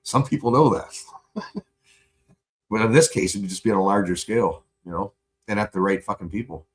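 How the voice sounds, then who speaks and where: A man venting in a profane, angry livestream rant, buzzed and high. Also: a little fast.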